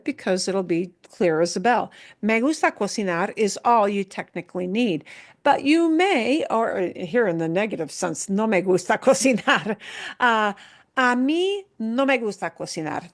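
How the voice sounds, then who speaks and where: A woman teaching a Spanish class online talks at a slow, unhurried pace. She explains each point patiently and says her examples over and over. Her voice comes through a video call. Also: medium pitch. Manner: patient, explains slowly with repetition.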